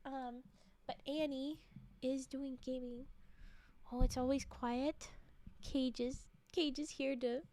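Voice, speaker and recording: A woman streamer chatting casually with her viewers, soft-spoken and rambling, with lots of fillers and laughs. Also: high voice, fairly even intonation, slow pace, pauses often. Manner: soft-spoken, drifting into quiet murmurs.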